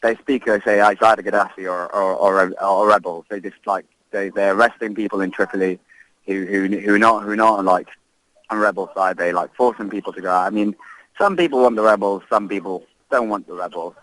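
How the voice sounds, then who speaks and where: A man, an expat giving an impassioned interview update, halting and repeating himself as he speaks. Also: fairly low pitch, fairly bright tone, low-quality recording. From Libya. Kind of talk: emotional interview.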